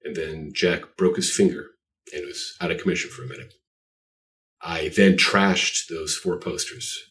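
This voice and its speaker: A man's voice: deep voice, steady tone, measured pace, a bit bright. A man guest on a podcast interview, telling rambling, self-deprecating stories. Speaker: guest artist. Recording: voice distant from the mic.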